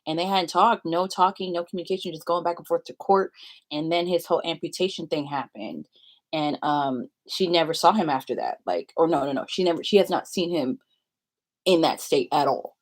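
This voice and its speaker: A woman's voice: low voice, brisk. A young woman vlogging in a rambling confessional chat, full of filler likes and laughing often.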